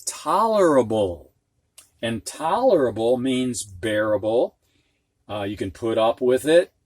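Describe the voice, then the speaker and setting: A man teaching reading at a slow, unhurried pace, patiently sounding out long words syllable by syllable. His voice sits at an ordinary pitch and is recorded dry and close, with no room echo. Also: big pitch swings. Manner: slow, patient, spells out syllables and gives example sentences.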